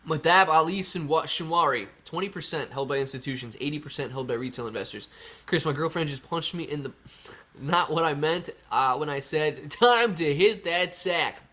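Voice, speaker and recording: A young man runs a live stream and talks through viewer comments in a loose, chatty way, throwing in "dude" and "man" often. His voice sits a little higher than most men's. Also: brisk, sharp tone. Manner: chatty, laid-back, says dude and man a lot. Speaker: livestream host reading chat. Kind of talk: casual live stream chat.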